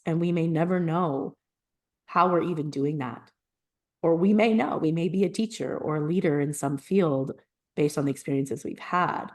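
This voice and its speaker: A woman with a low-pitched voice talks on a podcast in a relaxed, personal way. She is animated and earnest, and she laughs often as she tells her stories. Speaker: podcast co-host. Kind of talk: casual conversational podcast chat.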